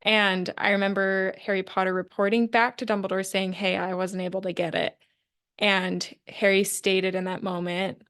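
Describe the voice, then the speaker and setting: A woman's voice: mid-range voice, level tone, moderate pace, fairly bright tone, smooth. A woman hosting a podcast, asking questions and reflecting earnestly in casual conversation. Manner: earnest, reflective, lots of fillers. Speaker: podcast host. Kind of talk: casual interview chat.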